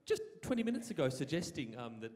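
A comedian with an Australian accent working as an awards MC, talking in mock-stern, dry deadpan patter on stage. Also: male voice, mid-range voice, fast talker, a little hiss or hum. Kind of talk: stand-up comedy with a sung comic song. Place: large event hall, on stage. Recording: hall reverb, music behind.

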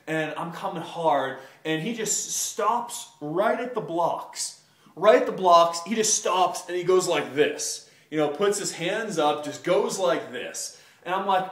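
Man, host, casual storytelling, rambling with fillers, fairly high voice, echoey room. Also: lively intonation, a little slow, fairly bright tone. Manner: rambling, heavy on filler words.

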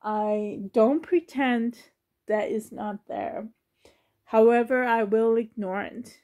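A woman's voice: a little high, slow pace, dark tone, dull audio. A woman in her thirties talking casually on her vlog, sensitive and near tears, laughing nervously as she speaks. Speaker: reborn doll collector and YouTuber.

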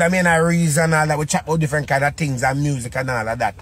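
A man's voice: fairly high pitch, fast, hardly any pauses, a bit bright, husky, no room sound. A man with a Jamaican Patois accent giving a casual monologue, full of repeated rhetorical questions.

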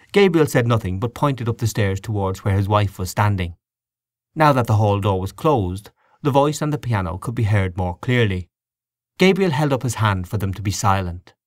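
A man narrating a literary audiobook with a measured, expressive reading. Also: fairly low pitch, no echo, clean studio sound.

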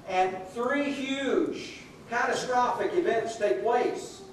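A man's voice: sits high, expressive, moderate pace, a little hiss or hum. A middle-aged male pastor preaching a sermon, telling the story and acting out the quoted voices. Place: church sanctuary. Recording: echoey hall from far off.

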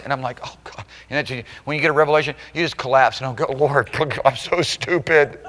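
A pastor with a fairly high voice preaches a sermon at a live church service, with a long reverb tail. He swings between loud, emphatic exclamations and soft, intimate asides, often checking in with the congregation through rhetorical questions.

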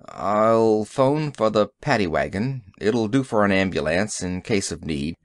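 A man reading the part of a shaken middle-aged police sergeant in an audiobook, with a hoarse, blunt way of talking. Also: fairly low pitch, expressive, a little slow. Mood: numb. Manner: blunt, plain street talk.

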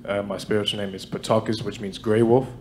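Low, flat-voiced man, calm introduction. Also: a little fast, slight background noise. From Shinnecock Indian Reservation, New York. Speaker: singer introducing himself. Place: TV studio before a live audience.

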